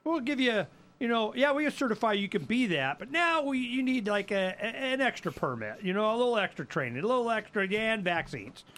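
A man with a slightly high voice co-hosts a casual talk show. He chats wryly, hesitating now and then. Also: sing-song, brisk, fairly bright tone. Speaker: co-host.

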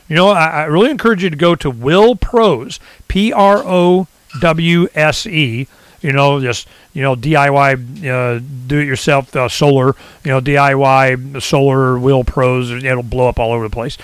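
A man talking in a casual rant, rambling and animated, often acting out what others say. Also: on the high side, clear, resonant tone, no echo. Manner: rambling, animated, swings into quoted voices. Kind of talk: casual ranting chat.

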